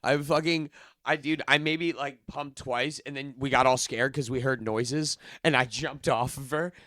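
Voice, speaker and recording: A man's voice: medium pitch, steady tone, normal speed, fairly bright tone, no echo, clean studio sound. A young man co-hosting a podcast, telling crude stories in casual chat and acting out the people he quotes, often laughing. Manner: storytelling, acts out quotes with laughter. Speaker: podcast co-host. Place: studio.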